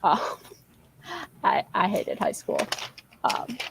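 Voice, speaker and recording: A woman's voice: mid-range voice, wildly swooping pitch, takes it slowly, vocal fry, background noise. Rambling candid young woman chatting. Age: 20s. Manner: rambling, loses her train of thought; candid, self-deprecating. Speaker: livestream co-host. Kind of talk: casual livestream chat.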